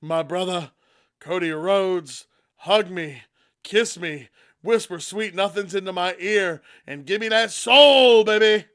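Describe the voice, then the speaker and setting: A man's voice: high voice, takes it slowly, fairly bright tone. A man putting on an over-exaggerated impression of a swaggering wrestling star, in the style of a famous singer. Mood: swaggering crooner.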